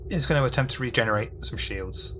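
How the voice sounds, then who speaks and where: A man acting as game master of a sci-fi tabletop game, narrating enemy moves and calling out rolls in a relaxed, thinking-aloud way. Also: mid-range voice, quick pace, a little hiss or hum.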